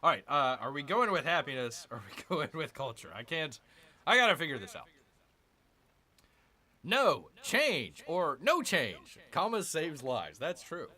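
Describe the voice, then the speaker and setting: A man's voice: a little high, sing-song, a little fast, pushed and bright. A man hosting a gaming channel, chatting casually through a strategy game, repeating himself and calling viewers "people". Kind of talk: casual let's-play commentary.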